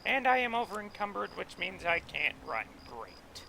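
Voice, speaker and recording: High, gravelly-voiced gamer rambling along. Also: male voice, very animated, moderate pace, noisy background. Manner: rambling, chatty, goes off on tangents. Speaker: let's play gamer. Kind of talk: casual gameplay commentary.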